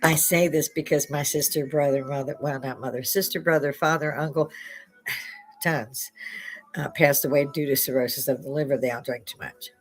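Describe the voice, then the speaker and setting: A woman's voice: rumbling low, steady tone, moderate pace. An older American woman hosting a livestream from her home bar, chatting in a rambling way and laughing often, on a headset mic. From United States. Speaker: livestream host. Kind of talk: casual chat. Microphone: headphones with clip-on mic.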